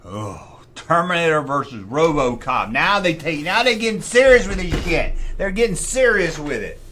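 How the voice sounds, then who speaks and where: A man's voice: a little high, moderate pace, slight background noise. A middle-aged man hosting a casual livestream chat, opinionated and talking himself through choices. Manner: animated, opinionated, talks to himself while deciding. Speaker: host.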